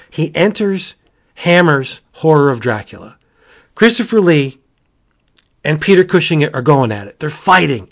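A man reviewing comic books in casual podcast chat, gushing and excitable, jumping to high exclamations.

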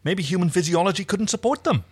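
A man's voice: sits high, expressive, fast talker, a little mellow, breathy edge. A man co-hosting a podcast, reading fan fiction aloud with wry, chatty asides. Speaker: podcast co-host.

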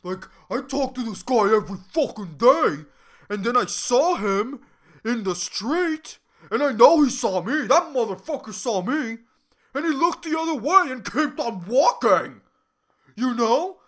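A woman's voice: fairly high pitch, expressive, slow, few pauses. A woman doing an indignant young woman ranting. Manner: loud, indignant, over-pronounced, profane. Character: angry young woman student ranting on the phone.

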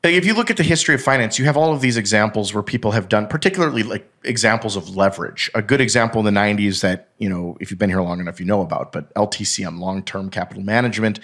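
A man's voice: on the low side, fast talker, hardly any pauses, a bit bright. A man in casual podcast chat, explaining a finance story at length with restarts and the odd swear word.

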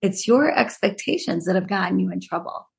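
Woman quoting a calm, reasonable young husband. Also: medium pitch, fairly quick, vocal fry, husky, exaggerated voice.

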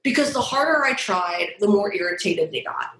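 Animated, profane woman in a roomy space. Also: mid-range voice, moderate pace, a little hiss or hum. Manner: animated, profane, acts out quoted voices. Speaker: guest designer. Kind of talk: candid storytelling interview. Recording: roomy echo.

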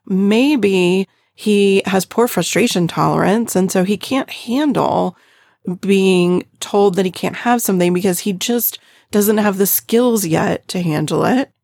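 A middle-aged woman speaks in an earnest, gentle way about raising children and keeps turning to the listener. Her voice has a gravelly edge, and the recording is close and dry, with no room sound. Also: medium pitch, unhurried, no room sound. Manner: gentle, earnest, addresses listener directly with frequent "right?". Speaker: parenting podcast host. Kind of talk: reflective parenting talk.

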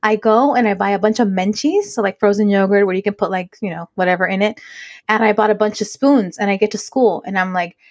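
A woman's voice: mid-range voice, quick pace. A woman co-hosting a podcast, telling a story in casual chat, acting out the quotes and slipping in Spanish. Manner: lively storyteller, acts out quotes, Spanish asides. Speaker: podcast co-host.

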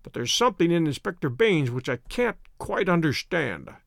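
A man voicing a keen, brisk male detective, speaking in a crisp, earnest, measured way. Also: on the high side, big pitch swings, no echo, studio quality. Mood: earnest, wary.

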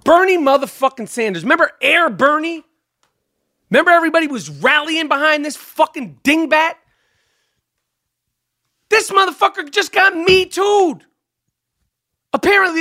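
High-voiced, profane podcast host. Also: male voice, sharp tone. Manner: profane, ranting, joking. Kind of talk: casual podcast commentary.

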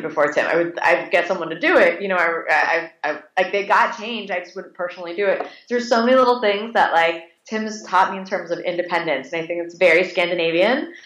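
Chatty woman in an echoey room. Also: fairly low pitch. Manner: animated, many restarts and fillers, acts out her own reactions. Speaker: interview guest. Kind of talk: casual conversational storytelling.

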